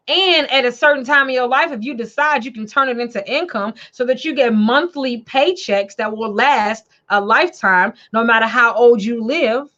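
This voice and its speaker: A high-voiced woman from Chicago hosts a casual livestream, chatty and animated, circling back over the same words again and again. The sound is dull and lo-fi, like a home stream. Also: moderate pace, hardly any pauses. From Chicago, USA. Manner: animated, chatty, repeats phrases. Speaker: show host and financial coach.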